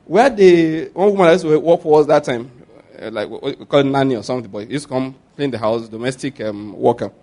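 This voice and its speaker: A man preaching a sermon as pastor, telling animated stories and quizzing the congregation with call-and-response questions. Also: medium pitch, a little fast.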